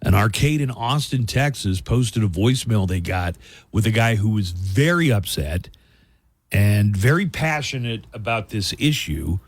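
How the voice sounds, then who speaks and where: A man's voice: lowish voice, lively intonation, measured pace, dry recording. A man hosting a radio show, easygoing and relaying news stories in chat. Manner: easygoing, storytelling news reader.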